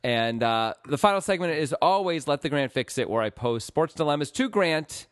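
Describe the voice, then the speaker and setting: A man's voice: fairly high pitch, lively intonation, normal speed, dry recording, studio quality. A man hosting a casual sports podcast, playful and rambling. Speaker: podcast host.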